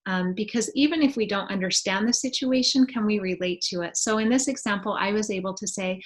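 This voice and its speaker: A woman gives a relaxed, explanatory webinar presentation over a computer microphone. She talks conversationally and often pauses on fillers as she works through each idea. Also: mid-range voice. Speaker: webinar presenter on student well-being.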